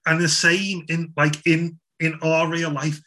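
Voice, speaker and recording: A young man delivers an informal Christian talk to a youth audience. His voice is bright and forward, pitched a little high for a man, and he talks in a loose, conversational way full of restarts. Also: level tone, a little slow. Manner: chatty, informal, with many restarts and fillers. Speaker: youth speaker.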